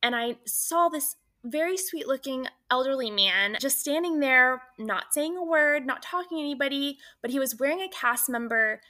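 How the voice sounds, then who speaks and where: Bright, gushing woman telling a story. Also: high voice, lively intonation, normal speed, few pauses. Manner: enthusiastic, gushing, lots of "like" and "oh my gosh". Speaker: guest. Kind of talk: casual storytelling.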